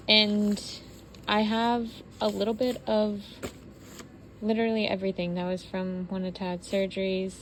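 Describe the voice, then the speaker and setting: A woman's voice: mid-range voice, darkish tone, slight background noise. A woman vlogging at home as she sorts through her belongings, talking in a rambling, heartfelt way with many fillers. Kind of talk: casual personal vlog. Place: home while sorting belongings.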